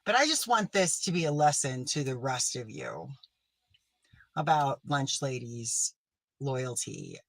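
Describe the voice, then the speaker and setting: A petty, vindictive woman streamer voiced by a man lectures her viewers with self-righteous contempt. She talks at a middle pitch, and the take is dry and close. Now and then she drops into a sharp, hissing whisper. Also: big pitch swings, measured pace, creaky, no echo, heavily acted, poor audio. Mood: scolding. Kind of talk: comedic sketch monologue.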